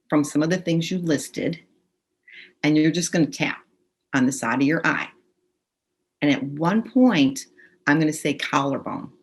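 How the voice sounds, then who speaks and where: A woman's voice: sits low, slightly rough. A woman guiding a group through a tapping session over a video call, giving instructions and leading phrases for them to repeat aloud. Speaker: tapping practitioner. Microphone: computer mic on a video call.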